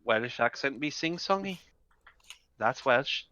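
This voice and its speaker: A man's voice: medium pitch, expressive, slow, bright, forceful tone, dry recording, muffled recording. A man co-hosting a podcast, teasing and swearing in casual banter. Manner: profane, teasing. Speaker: podcast co-host.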